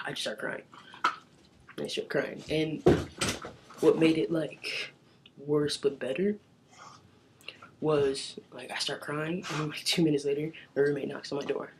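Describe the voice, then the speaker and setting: A man's voice: a little high, moderate pace, gravelly, long pauses, noisy background. A young man chatting casually to the camera in his bedroom, rambling with lots of filler words and casual swearing. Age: young adult. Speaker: vlogger.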